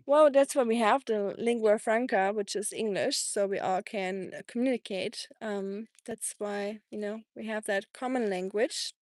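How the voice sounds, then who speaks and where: A woman's voice: mid-range voice, moderate pace, hardly any pauses, a little mellow, dry recording, studio quality. A woman with a German accent, hosting a casual live stream and chatting with viewers as she answers their comments, laughing often. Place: home in Tennessee.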